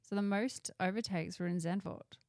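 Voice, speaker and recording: A young woman co-hosting a casual motorsport podcast, bubbly and quick to laugh. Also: mid-range voice, fairly even intonation, a little mellow, no echo, clean studio sound. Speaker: podcast co-host. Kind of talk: casual chat.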